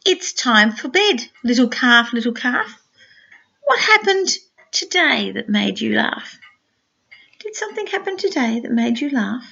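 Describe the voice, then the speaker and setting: Older grandmother reading to a small child; gentle, sing-song, unhurried, higher voice. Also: big pitch swings, gravelly, breathy edge, highs cut off. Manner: gentle, sing-song storytelling with soft asides. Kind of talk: reading a picture book aloud to a small child.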